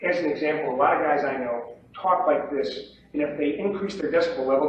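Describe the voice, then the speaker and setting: Animated man lecturing in an echoey room. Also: a little high, fairly quick. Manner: animated, acts out pit shouts and mimics other traders. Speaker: trading instructor. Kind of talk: lecture to trainees. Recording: distant echoey room, dull lo-fi tape with faint hiss.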